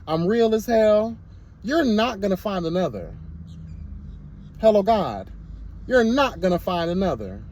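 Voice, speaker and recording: A man's voice: sits high, a little mellow, a little hiss or hum. A man vlogging his commentary in a sassy, emphatic rant, full of repeated exclamations. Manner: sassy, emphatic, repeats "girl" and "hello, God". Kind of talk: candid to-camera rant.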